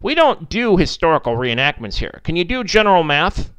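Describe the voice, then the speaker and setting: A man voicing a gruff, easily annoyed bar worker who hesitates and grumbles as he talks. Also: fairly high pitch, sing-song, fairly quick, a bit bright, no echo, dull audio, pitched above the performer's own voice.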